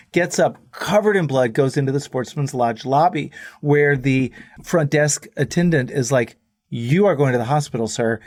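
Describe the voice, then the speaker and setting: A middle-aged man from Texas tells a rambling story as a podcast guest, voice sitting a bit high for a man. He acts out quotes with animation. The sound is close and dry, with no room to it. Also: dry recording. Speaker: guest musician. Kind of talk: casual anecdote on a podcast.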